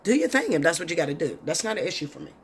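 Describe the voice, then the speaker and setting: A woman giving a casual tarot reading, talking bluntly and profanely with animated storytelling. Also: lowish voice, racing. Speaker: tarot reader.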